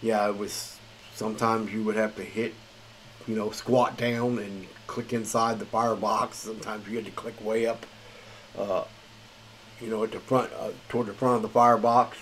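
A man's voice: lowish voice, level tone, moderate pace, slight background noise, low-quality recording. A man hosting a gaming channel, reading patch notes in a tired, rambling, casual way. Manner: rambling, filler-heavy, chuckles at himself. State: tired late at night.

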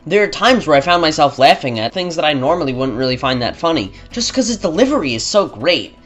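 A man's voice: fairly high pitch, sing-song, fast, a bit bright, soft background music. A man narrating a scripted game review in a blunt, opinionated, sarcastic manner.

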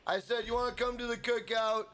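Young man, gaming streamer, high voice, profane, excitable, casual chat. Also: fairly quick. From Minnesota. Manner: hyped, profane, shouts out chat members.

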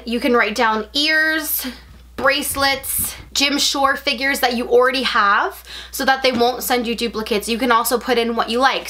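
A young adult woman chatting at home as she unboxes a package, gushing and gasping with excitement as she rambles on. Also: on the high side. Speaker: unboxing vlogger.

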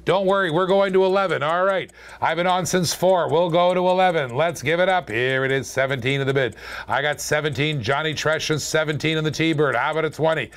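A man hosting a live-streamed toy car auction, calling bids in quick, chatty patter and joking with viewers. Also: on the high side, fairly bright tone, smooth. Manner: chatty, joking, fast auction calls with laughs.

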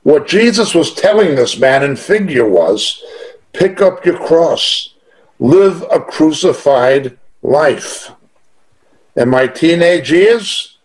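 A man's voice: a little high, poor audio. A man preaching a sermon in an emphatic, conversational way, mixing personal testimony with teaching.

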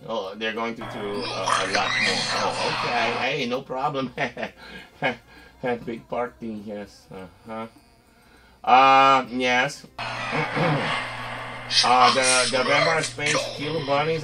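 Nervous stammering man in a comedy skit. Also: medium pitch. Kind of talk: comedy skit, one-sided conversation.

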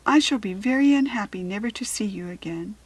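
A woman reading a storybook and voicing an earnest young farm girl, with a breathy, eager and questioning manner. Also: medium pitch, animated, brisk, low-quality recording.

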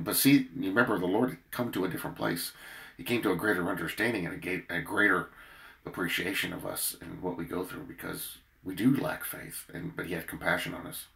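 Earnest deep-voiced man preaching. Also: normal speed, gravelly. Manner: earnest, emphatic, swells and drops in loudness. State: worn out. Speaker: preacher leading a daily prayer. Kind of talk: devotional sermon with scripture reading.

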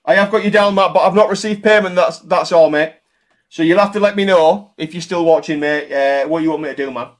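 A man's voice: a little high, a little fast. Chatty man calling everyone mate. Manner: chatty, calls everyone mate, swears casually. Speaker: live-stream card-pull host. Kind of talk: casual live-stream chat. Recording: faint music in the background.

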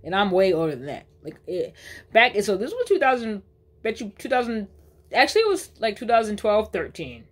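A woman's voice: medium pitch, big pitch swings, brisk. Woman rambling through a profane storytime. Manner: rambling, profane, uses slang fillers; restarts and self-corrections. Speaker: vlogger telling a personal story. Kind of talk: casual storytime vlog.

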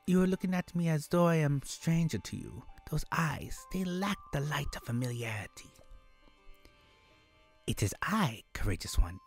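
A man voicing a solemn, formal old woman elder, reading her lines slowly with stumbles. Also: a little high, vocal fry, a little mellow, husky, voice pushed up, heavily acted. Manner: slow, stilted formal delivery with stumbles.

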